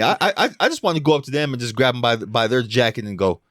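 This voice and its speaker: A man's voice: mid-range voice, racing, no room sound. A man riffs through a casual podcast chat, cursing freely and slipping into mimicked voices. His mid-range voice sits close and dry on the mic. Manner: profane, animated storytelling with mimicked voices. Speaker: podcast co-host.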